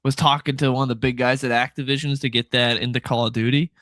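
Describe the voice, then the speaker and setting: A man's voice: medium pitch, level tone, fast, a bit bright, no room sound. A man on a live comics panel giving blunt, scornful opinions in casual chat, full of "like" fillers.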